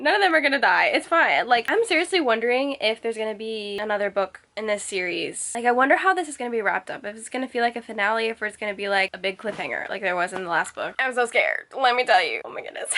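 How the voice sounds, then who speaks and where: High-voiced excitable woman book vlogger. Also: fast. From Kentucky. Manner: emotional, excitable, gushing with sighs and laughs. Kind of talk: casual reading vlog chat.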